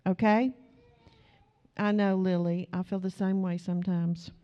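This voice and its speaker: A woman's voice: fairly low pitch, level tone, a little slow, mellow, highs cut off. A middle-aged woman preaching a sermon in church, emphatic and direct with the congregation. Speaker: pastor.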